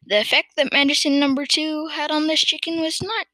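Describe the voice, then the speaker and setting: Storybook reader, woman, expressive, bright tone, dry close sound. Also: sits high, fairly quick, dry recording, rough recording. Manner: expressive, occasional slips and restarts. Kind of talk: reading a children's book aloud.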